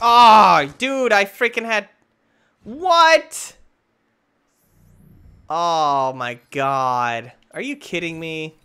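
A bright, energetic young man talking over his gameplay, his pitch jumping all over. He flips from yelling at other players to muttering under his breath. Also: clean tone. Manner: excitable, swings between loud outbursts and mutters. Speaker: gaming channel host. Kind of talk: gameplay commentary.

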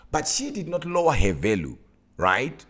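A man, a minister, telling a personal story to his viewers in an animated, emphatic way. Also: mid-range voice, moderate pace.

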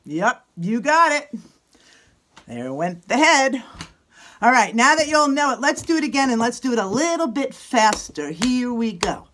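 A woman's voice: on the high side, big pitch swings, moderate pace, fairly bright tone. A woman teacher leading a children's sing-along at home, playful and coaxing as she gives step-by-step directions.

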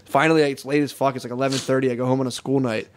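Male podcast co-host, thirties, quick rambling storyteller with a crude mouth. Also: medium pitch, fairly even intonation, a little hiss or hum. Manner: rapid rambling anecdotes, heavy swearing, breaks into laughter. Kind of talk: casual storytelling chat.

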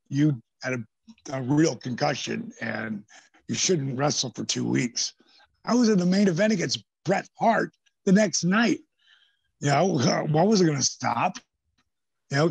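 A gravelly, somewhat high man with a husky edge spins lively stories as a podcast guest. He swears freely and acts out other people's lines. The sound is dry and close to the mic. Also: no echo. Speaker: podcast guest, former pro wrestler. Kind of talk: casual storytelling interview. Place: podcast studio.

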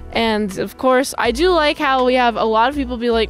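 Chatty high-voiced young woman reviewer. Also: moderate pace, hardly any pauses, faint music behind. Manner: chatty, rambling, lots of fillers. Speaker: TV episode reviewer. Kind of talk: casual recap and review.

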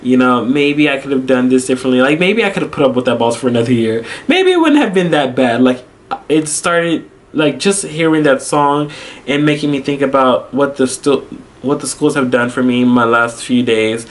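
A young man, an English teacher, telling a personal story in a casual vlog, animated and full of fillers, acting out his own reactions. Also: mid-range voice, normal speed. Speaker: vlogger, English teacher abroad.

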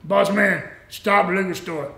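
An older Southern man doing a blunt giant, slow broken English, in a roomy room. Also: high voice, steady tone, gravelly, bright, forceful tone, exaggerated voice. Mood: stubborn.

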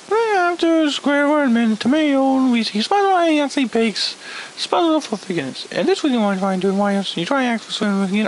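A man's voice: extremely high pitch, very animated, brisk, slight background noise, poor audio. A man ranting through a video review of a cartoon episode, sarcastic, exasperated and swearing often.

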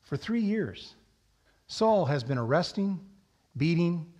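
Animated storytelling male pastor, higher voice. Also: slow. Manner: storytelling, animated, rising to loud emphasis. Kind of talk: sermon. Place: church sanctuary.

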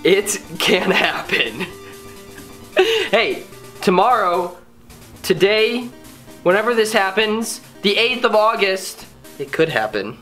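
A man's voice: high-pitched, very animated, takes it slowly, pauses often, pushed and bright, faint music behind. A young man casually reading viewer comments aloud and joking about them in a playful, mock-dramatic way. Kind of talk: casual comedic vlog.

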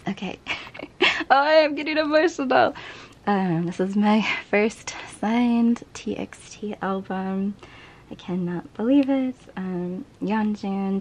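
A woman vlogging about things she bought, in an excitable, gushing way, laughing often and chatting with lots of fillers and "right?". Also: mid-range voice, a little hiss or hum. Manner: chatty, many fillers and tag questions. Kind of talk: casual haul chat.

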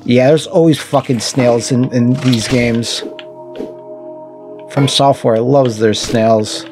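A man's voice: mid-range voice, fairly even intonation, takes it slowly, over music. A man casually commenting while he plays a video game, wry and jokey, swearing and talking to the enemies. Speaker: gaming channel host. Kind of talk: casual let's-play commentary.

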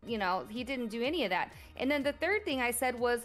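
A woman's voice: fairly high pitch, lively intonation, a little fast, hardly any pauses, a bit bright. A woman streamer casually retelling a dispute in a rambling way, full of fillers and quoted lines.

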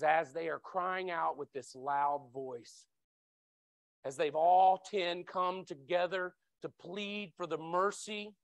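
A man preaching a sermon as a church elder, talking conversationally, often repeating his words, and breaking into loud high cries when voicing the people in the story. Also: steady tone, takes it slowly, vocal fry, dry recording, studio quality. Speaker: lay preacher. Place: church sanctuary.

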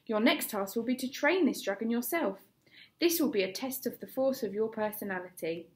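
A woman with an English accent voicing a gruff, scornful male Viking teacher who shouts at his pupils. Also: medium pitch, close to an everyday voice.

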